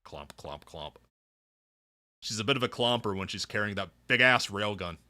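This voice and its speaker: A man's voice: on the low side, fast talker. A man streaming a game, joking around casually as he reads its dialogue aloud. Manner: jokey, animated, playful. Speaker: VTuber streamer. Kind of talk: casual livestream commentary and dialogue reading. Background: faint background music.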